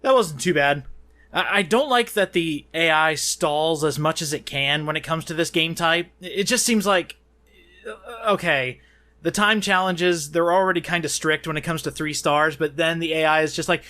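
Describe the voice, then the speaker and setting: A man's voice: on the high side, moderate pace, pushed and bright. A man hosting a let's play, giving goofy, self-mocking gameplay commentary. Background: game music.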